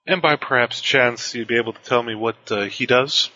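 A man's voice: mid-range voice, fairly quick, pushed and bright, muffled recording, pitched below the performer's own voice. A man voicing a curious male stranger in a tabletop game, asking polite questions.

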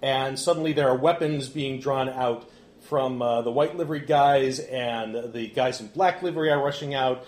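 A man's voice: medium pitch, moderate pace, a little mellow. A man narrating a tabletop game as game master, casual with frequent fillers, in an echoey room. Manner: casual, laughing, hesitant fillers.

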